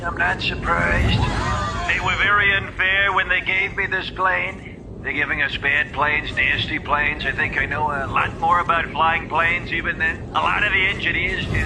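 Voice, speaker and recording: A man's voice: a little high, background noise. A man doing a comedic impression of a bragging, rambling politician who is flying a plane and complaining that it is unfair. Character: boastful blustering male politician flying a plane.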